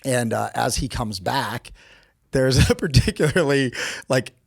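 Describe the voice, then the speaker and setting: A middle-aged American man with vocal fry speaks a little slowly, recorded in studio quality with no room sound. A guest on a podcast, he tells a casual story and acts out quotes with animated pitch jumps.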